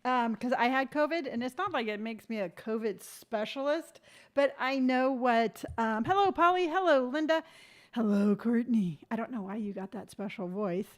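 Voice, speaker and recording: A woman's voice: a little high, moderate pace. A woman in her fifties hosting a casual morning live stream, chatty and rambling, greeting viewers by name. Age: 50s.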